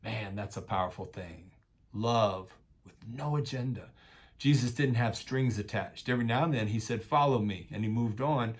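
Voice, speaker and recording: A man preaching a sermon in a casual, conversational way, full of slang, swinging between loud urging and quiet intensity. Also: lowish voice, moderate pace. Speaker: pastor.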